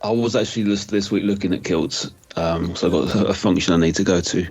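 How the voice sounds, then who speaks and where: A man's voice: sits low, fairly even intonation, fast, a little mellow, slightly rough, highs cut off, faint music behind. A man co-hosting a casual podcast, answering in a dry, laid-back way. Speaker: podcast co-host.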